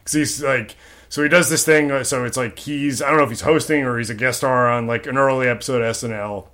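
A man's voice: medium pitch, steady tone, fast talker, fairly bright tone. A man co-hosting a podcast, chatting casually and retelling comedy bits in a rambling way. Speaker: podcast co-host. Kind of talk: casual chat.

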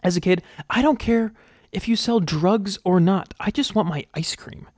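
A man's voice: high voice, normal speed, darkish tone, dry recording, studio quality. A man hosting a casual solo podcast, thinking aloud with many fillers and restarts and reading research aloud. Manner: reads research aloud and comments on it. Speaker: podcast host.

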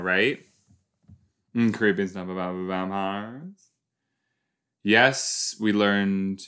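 A man's voice: lowish voice, bright, forceful tone, clear, resonant tone. A young man hosting a casual watch-along podcast, rambling and chatty with joking asides. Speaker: podcast host.

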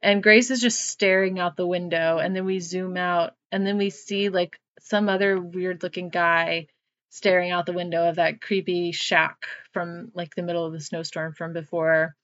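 Woman podcast host, lowish pitch, casual rambling recap full of filler words and profanity; slightly dull recording. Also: level tone, normal speed, a bit bright. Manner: chatty, says "like" constantly, swears freely. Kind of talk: casual horror movie recap.

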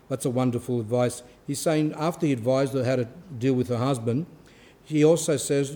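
Earnest priest with a mellow, higher voice. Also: male voice. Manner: earnest, pausing to stress points. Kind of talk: sermon.

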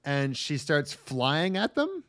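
A man's voice: a little high, huge pitch swings, takes it slowly, a bit bright. A man co-hosting a podcast, recapping an anime in a rambling, crude, casual way with lots of ums and restarts. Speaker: podcast co-host.

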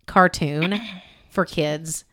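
A woman's voice: low-pitched, fairly even intonation, takes it slowly, fairly bright tone. A woman co-hosting a podcast, chatting casually and rambling through stories with lots of "like". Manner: chatty, rambling storyteller full of "like". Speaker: podcast co-host. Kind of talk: casual chat.

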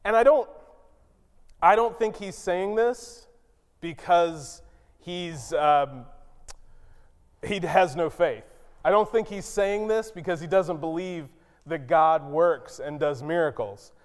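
A pastor preaches unhurriedly and deliberately in a smooth, resonant voice, with long reverb like a big church hall. Whenever he quotes someone, he breaks into sudden high, loud outbursts.

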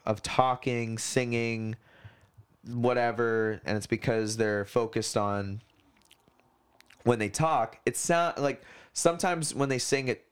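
A man with a clean, mid-range voice co-hosts a casual podcast, chatting loosely. He rambles through his explanations, using lots of fillers and the occasional swear word.

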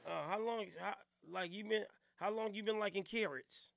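A man's voice: sits high, moderate pace, creaky, no room sound, studio quality. A man hosting a podcast, playful and teasing in slangy casual chat. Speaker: podcast host.

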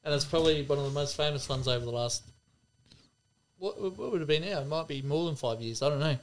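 A young man co-hosting a sports podcast, quick and chatty, with the odd swear word. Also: on the high side, lively intonation, slight background noise. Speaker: podcast co-host. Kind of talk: casual sports chat.

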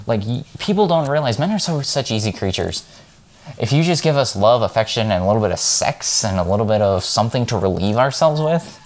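Frank, rambling man with a low voice. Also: lively intonation, brisk. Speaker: vlogger. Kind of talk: casual monologue.

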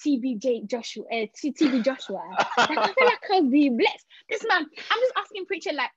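A woman's voice: high-pitched, animated, normal speed, hardly any pauses, no room sound. A young adult woman hosting a podcast in casual, chatty talk, laughing often and restarting her sentences. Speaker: podcast host. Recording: dull, dry lo-fi recording.

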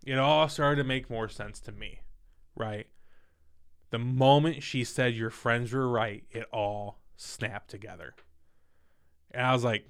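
Young guy swearing a lot, telling his story, gets loud and acts out the other voices. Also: mid-range voice, a little slow, long pauses, smooth. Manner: candid, profane, animated retelling. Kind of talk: casual storytelling.

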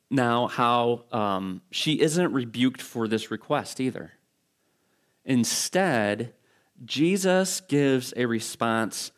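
Pastor guy preaching, chatty and storytelling, restarts a lot. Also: medium pitch. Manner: conversational, storytelling with restarts and asides. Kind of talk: sermon.

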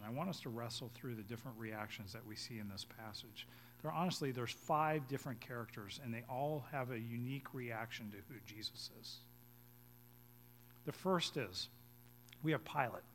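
In this sermon, a male pastor reads scripture aloud and explains it, his voice rising to loud, emphatic heights and then falling low and quiet.

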